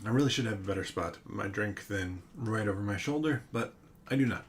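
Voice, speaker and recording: A man's voice: on the low side, fast talker, background noise. Man musing through a solo board game. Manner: muses aloud, self-mocking asides. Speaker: board game player and host. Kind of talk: solo board game playthrough with read-aloud story.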